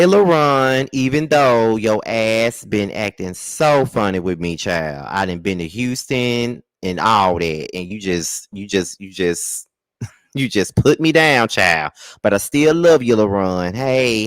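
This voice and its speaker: A man hosting a live celebrity gossip chat, sassy and animated, scolding with sudden high exclaims and drawling "child" and "honey". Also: takes it slowly, no echo. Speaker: gossip show host.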